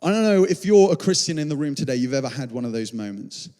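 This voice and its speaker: A young man preaching a sermon to a church, telling a story with animated quoted voices. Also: mid-range voice, quick pace. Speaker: pastor. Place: large church hall. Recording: long church hall reverb.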